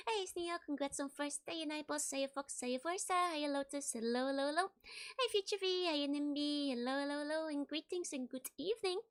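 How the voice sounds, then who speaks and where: A woman's voice: high voice, a bit bright. A young woman streaming, chatting casually with viewers, giggling often and repeating her greetings.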